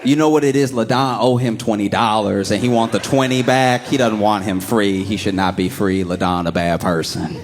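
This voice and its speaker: A man performing a stand-up comedy set, telling stories animatedly and slipping into quick voices. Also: fairly low pitch, steady tone, background noise.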